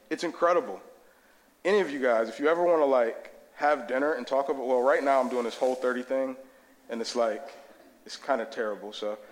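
A man preaching a sermon in a church, casual, conversational and enthusiastic. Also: mid-range voice. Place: church sanctuary. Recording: long hall reverb.

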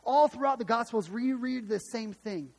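A man's voice: very high voice, moderate pace, creaky, a little mellow, long reverb tail. A man preaching a sermon, emphatic and dramatic, retelling scripture with repeated restarts. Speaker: pastor.

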